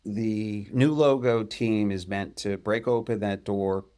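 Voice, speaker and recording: A podcast host speaks casually in a conversational interview, thoughtfully working through his ideas step by step. His voice is fairly low, steady, a little mellow and clean, and he takes it slowly.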